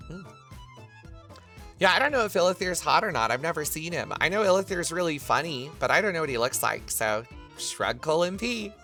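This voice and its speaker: A man's voice: fairly high pitch, lively intonation, a little fast, bright, forceful tone, soft background music. A man livestreaming casually, reading his chat messages aloud and answering them with crude, profane jokes. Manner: crude, profane, joking banter.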